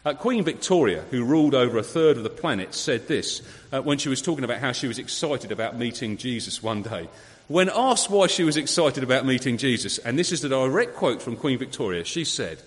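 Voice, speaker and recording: A man preaching a sermon, conversational and lively, full of rhetorical questions. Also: on the high side. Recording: long hall reverb.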